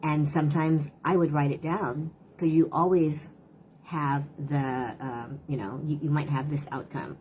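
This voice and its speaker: A middle-aged woman with a low voice talks through parenting tips, earnest and chatty. She often slips into quick acted-out lines of what kids and parents say. A faint hiss sits under the recording. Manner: earnest, lively and talkative, acts out quotes of kids and parents. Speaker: parenting coach hosting a live stream. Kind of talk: casual advice talk to camera.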